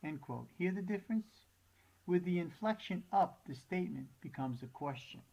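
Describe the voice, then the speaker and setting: A man reads a scripted training lesson in a steady, measured way, going through the definitions aloud. His voice is gravelly and husky, and it sits a little high. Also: muffled recording. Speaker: narrator.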